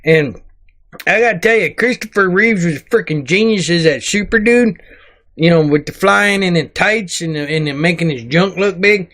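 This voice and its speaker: Guy putting on a grumpy dwarf sidekick, coarse and rambly, pretty high voice. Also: moderate pace, a bit bright. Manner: rambling, coarse, mocking, rustic grammar. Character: cranky crude male dwarf sidekick. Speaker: sidekick reading comments. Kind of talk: comedic comment reading.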